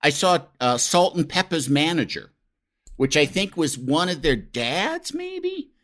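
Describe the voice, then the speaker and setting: A man's voice: on the high side, a little slow. A middle-aged man, a talk show sidekick, telling rambling stories in casual chat, swearing freely. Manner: animated, rambling, swears freely, lots of fillers.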